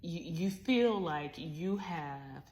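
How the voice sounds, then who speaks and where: A woman's voice: on the low side, lively intonation, extremely slow, darkish tone. A middle-aged woman tells a personal story in a heartfelt, reflective way, adding asides as she goes. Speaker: vlogger.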